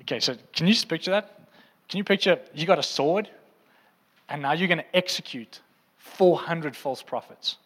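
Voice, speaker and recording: A man delivers a sermon from a church stage, passionate and lightly teasing with his listeners. His voice sits a bit high for a man. The sound carries a long, echoing hall reverb. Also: normal speed, a bit bright, husky. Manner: fervent, playful and teasing with the congregation. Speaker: preacher. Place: church auditorium.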